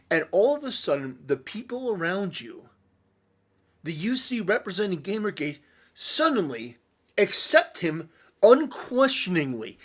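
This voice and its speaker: Man, high-pitched, earnest, lecturing, direct-address commentary. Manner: earnest, lecturing, speaks straight to his target. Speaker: online commentator.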